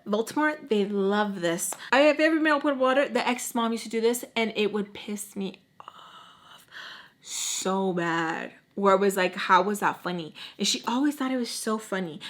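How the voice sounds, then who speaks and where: A woman tells a personal story in a casual, animated way, acting out every exchange. Her voice sits a little high, she swears freely, and she slips Spanish words into her speech. She hammers points home by repeating phrases. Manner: animated, acts out quotes, drops Spanish words. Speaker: storytime vlogger.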